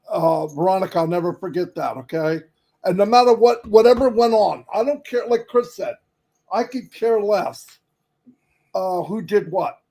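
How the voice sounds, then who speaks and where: Man with a high voice, easygoing, rambling, full of fillers, casual livestream chat. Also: mellow, poor audio. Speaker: company leader on a livestream.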